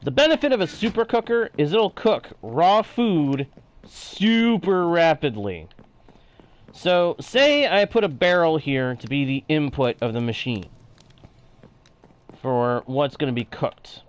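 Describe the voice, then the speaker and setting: A gaming streamer with a Texan-sounding drawl walks through his block-building project step by step and reads viewer chat out loud. His voice sits on the high side, swings widely in pitch, and moves a little slowly.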